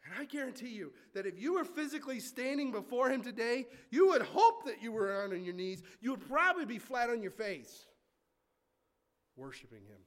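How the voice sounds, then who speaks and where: A man with a high voice preaches a sermon with lively, animated delivery. He reads scripture aloud and then breaks into casual asides. His volume swings from forceful emphasis down to quiet, hushed remarks. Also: normal speed. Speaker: pastor.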